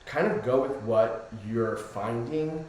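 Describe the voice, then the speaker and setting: A man's voice: mid-range voice, slow, a little mellow. A man, a spiritual coach, chatting casually on a podcast in an easygoing way that keeps checking in with the listener. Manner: easygoing, keeps asking "right?". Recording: very echoey room.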